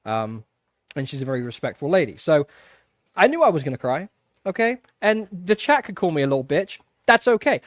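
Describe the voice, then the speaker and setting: A man's voice: on the high side, a little fast, no room sound, dull audio. A man, hosting a casual livestream and telling a story with lots of laughs and fillers. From England. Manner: animated storyteller, laughs often, chatty with fillers. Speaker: livestream host. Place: home fish room.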